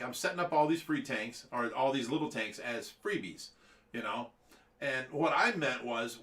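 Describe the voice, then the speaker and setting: Chatty man with a bright voice. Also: medium pitch, roomy sound. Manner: rambling, laughs often, mimics others. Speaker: host. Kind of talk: casual livestream chat.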